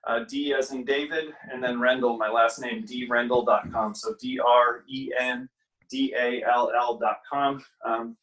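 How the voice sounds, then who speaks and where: A man's voice: medium pitch, fairly even intonation, measured pace, a bit bright, poor audio. Emphatic middle-aged man, podcast guest. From Wisconsin. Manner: emphatic, repeats key phrases, self-deprecating humor. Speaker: guest speaker and author. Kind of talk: casual podcast interview.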